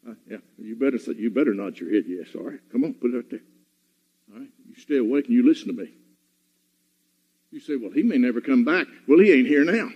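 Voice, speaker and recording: A man's voice: mid-range voice, lively intonation, quick pace, husky. A man preaching a sermon, scolding his congregation in a fiery, repetitive way. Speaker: pastor. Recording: dull, reverberant hall recording.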